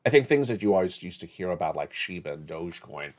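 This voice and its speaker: Middle-aged guy with a really low voice lecturing his viewers, blunt, chuckles while he scolds. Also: lively intonation, fast talker, a little mellow. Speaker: channel host. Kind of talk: direct-to-camera economic commentary.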